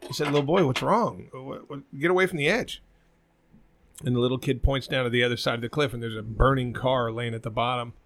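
A man on a casual podcast, telling crude jokes loudly and laughing at his own punchlines. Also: medium pitch, a little fast, no room sound. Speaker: podcast co-host.

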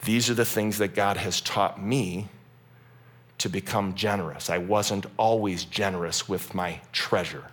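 Forties pastor preaching, jokey and animated, bright punchy voice. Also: male voice, deep voice, measured pace. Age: 40s. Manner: animated, humorous, acts out quotes. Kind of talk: sermon. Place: church.

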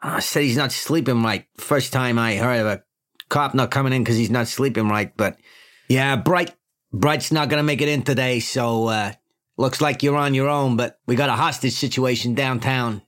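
A man voicing a gruff middle-aged police chief who barks orders and blusters. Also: medium pitch, normal speed, fairly bright tone, pitched above the performer's own voice, lightly acted.

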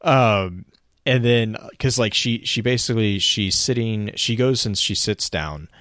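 A man's voice: fairly low pitch, a little slow, a bit bright, no room sound, studio quality. A man co-hosting a podcast, retelling a story in casual chat with many restarts and bursts of laughter. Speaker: podcast co-host.

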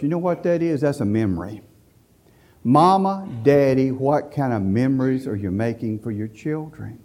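A man's voice: mid-range voice, lively intonation, normal speed, mellow. A man preaching a folksy, emphatic sermon. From central Alabama, USA. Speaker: visiting preacher.

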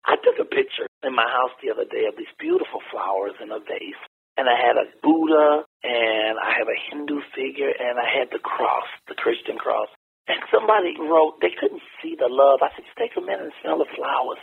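An older man telling his story in an interview, talking bluntly and with animated, preacher-like emphasis. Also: fairly quick, gravelly, breathy edge. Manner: animated, preacher-like emphasis with wide pitch swings; folksy and blunt, laughs while talking. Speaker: interview guest. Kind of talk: candid conversational storytelling. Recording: tinny phone-like lo-fi line.

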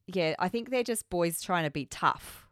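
A woman joins a casual podcast chat about a film with quick asides and easy laughter. Her voice sits fairly low, and the sound is dry and close. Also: expressive, fairly bright tone, clean tone, dry recording. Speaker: podcast co-host. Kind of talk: casual movie discussion.

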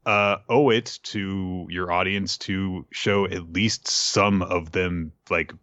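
Male podcast co-host, low and bright, dry close sound, rambling chat. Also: fairly even intonation, takes it slowly, no echo, dull audio. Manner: rambling, laughs often, fillers.

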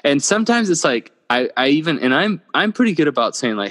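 A man's voice: mid-range voice, very animated, brisk, hardly any pauses, a bit bright. A man chatting casually as a podcast co-host, laid-back and swearing freely. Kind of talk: casual chat. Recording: long reverb.

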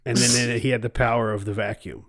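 Swearing, excitable man on a podcast. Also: mid-range voice, fast, no room sound, studio quality. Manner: swears often, loose and excitable. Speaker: podcast host. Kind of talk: casual chat.

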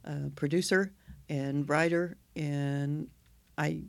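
A man's voice: fairly high pitch, fairly even intonation, takes it slowly, creaky, no echo. A man from Oklahoma with an Oklahoman accent, co-hosting a casual podcast with a playful manner. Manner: playful, slips into a rural drawl for jokes. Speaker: podcast co-host. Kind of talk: casual chat.

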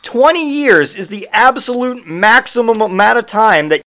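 A man's voice: sits high, expressive, moderate pace, sharp tone. A man hosting a podcast, delivering a profane, sarcastic comedic rant. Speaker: podcast host.

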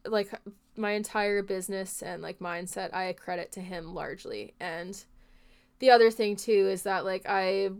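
A woman with a smooth, clear voice talks through a casual podcast monologue. She rambles earnestly and leans on filler words as she hosts the show. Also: lowish voice, moderate pace, a little mellow. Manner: rambling, heartfelt, filler-heavy speech. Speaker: podcast host and horse trainer.

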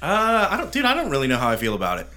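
A relaxed man chatting with friends in a slangy, easygoing way. His voice is bright and forceful, and his pitch swings widely as he talks. He sounds loose and informal. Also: very fast. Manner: relaxed, slangy, says "dude" and "like". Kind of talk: casual chat.

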